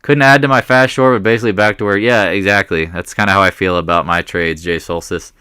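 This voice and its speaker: A man hosting a live market commentary stream, chatting with viewers in a rambling way and breaking into excited outbursts when prices move. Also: sits low, fast, smooth, dry recording, studio quality. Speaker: market commentary livestream host.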